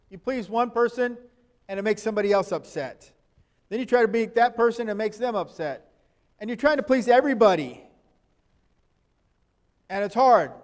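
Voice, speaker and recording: High-voiced man preaching a sermon. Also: clear, resonant tone. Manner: conversational, asks the listeners rhetorical questions; reads scripture verses aloud.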